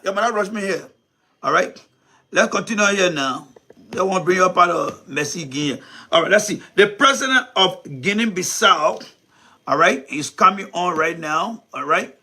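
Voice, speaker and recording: Man, high voice, husky, stream host. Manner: animated, repeats himself, talks to viewers as folks. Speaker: commentary show host. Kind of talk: live-stream commentary.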